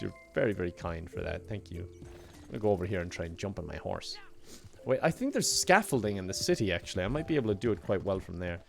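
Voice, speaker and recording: A man's voice: mid-range voice, vocal fry. A man chatting casually while streaming a game, laughing often and thanking viewers by name. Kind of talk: casual gaming livestream chat.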